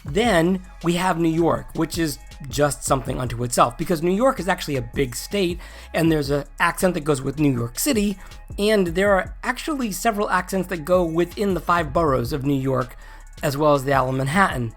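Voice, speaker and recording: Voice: medium pitch, brisk, soft background music. A video host from New England who speaks in a neutral General American accent, having mostly dropped the native one, giving a casual explainer with wry, joking asides.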